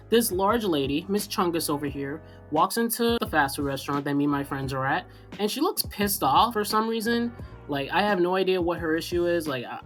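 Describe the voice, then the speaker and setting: A man's voice: on the high side, a bit bright. A young man telling a story in a rambling, sarcastic way, full of fillers. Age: young adult. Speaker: storytime vlogger. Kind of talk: casual storytelling.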